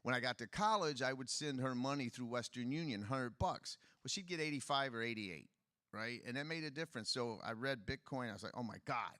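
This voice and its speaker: A man's voice: mid-range voice, animated, a little fast, sharp tone, no echo, clean studio sound. A man running for office, speaking candidly about his life at a conference interview. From Detroit, USA. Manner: candid, personal storytelling. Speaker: political candidate. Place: conference stage.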